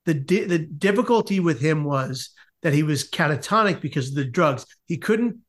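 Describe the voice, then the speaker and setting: Animated man telling a story. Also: on the high side. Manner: lively, comic, quick asides. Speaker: guest. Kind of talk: animated storytelling in a podcast interview.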